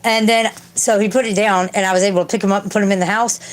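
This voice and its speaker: A woman's voice: medium pitch, fairly even intonation, quick pace. A woman hosting a casual livestream from home, rambling and swearing as she answers chat. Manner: profane, rambling, talks to chat and yells at her cat. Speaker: livestream host reading chat. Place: home, indoors.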